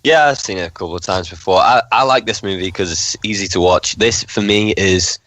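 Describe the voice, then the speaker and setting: A man's voice: deep voice, a little fast, fairly bright tone, no room sound, poor audio. A man talking as a guest on a movie podcast, blunt and swearing for emphasis. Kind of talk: casual chat.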